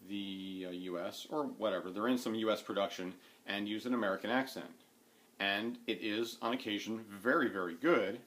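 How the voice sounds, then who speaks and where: A man's voice: on the low side, a bit bright. A man vlogging casually about his needlework and other hobbies from home, rambling with plenty of fillers and restarts. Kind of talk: casual rambling chat to camera. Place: at home, sitting indoors.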